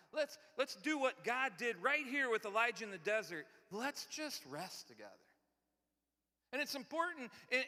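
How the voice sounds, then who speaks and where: A male pastor with a high, bright voice delivers a conversational sermon, often repeating and restarting words. He moves between loud, emphatic lines and quiet, near-whispered ones. His voice echoes with the long reverb of a large church hall.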